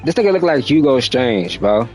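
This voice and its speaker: A man's voice: mid-range voice, big pitch swings, moderate pace, a little mellow, faint music behind, poor audio. A young man chatting casually on a game stream, laid-back and slangy, talking to his viewers.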